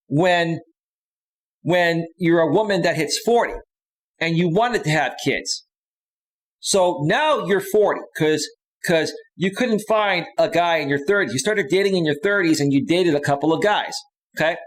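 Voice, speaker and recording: A man's voice: a little high, animated, unhurried, low-quality recording. A man coaching in a casual livestream monologue, chatty and often checking in with his listeners, with frequent restarts and repeated phrases. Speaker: dating and life coach.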